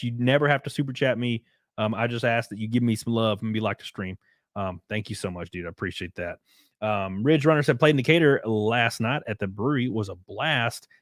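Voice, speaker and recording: Male streamer, Southern rural drawl, relaxed and profane, mid-pitched, dry close sound. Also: dry recording. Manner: laid-back, drawling, profane. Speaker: streamer reading super chats. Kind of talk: casual livestream chat.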